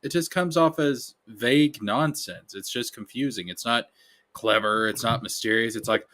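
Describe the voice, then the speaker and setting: A man's voice: mid-range voice, normal speed, a bit bright. Dismissive male panelist. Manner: dismissive, critical. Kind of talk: casual panel discussion.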